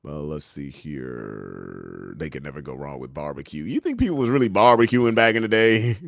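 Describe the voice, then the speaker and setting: A man's voice: rumbling low, very animated, moderate pace, gravelly, dry recording, clean studio sound. A young man hosting a casual livestream, reading the chat and memes aloud, joking and laughing often in a laid-back way. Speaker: livestream host.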